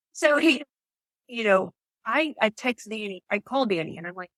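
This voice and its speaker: A woman in her thirties telling her birth story as a podcast guest, lively and quick to act out what people said. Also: fairly high pitch, no room sound. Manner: animated storytelling, acts out quotes.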